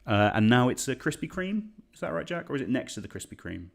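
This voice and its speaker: A young man from England hosting an online quiz, chatty and self-deprecating as he reads out questions and shout-outs. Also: medium pitch, very animated, fast, vocal fry. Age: young adult. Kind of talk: casual quiz hosting livestream.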